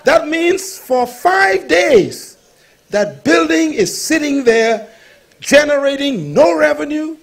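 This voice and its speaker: High raspy pastor dude telling a story in a sermon, slow and jokey. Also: male voice, expressive. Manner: humorous, preaching with storytelling and call-and-response.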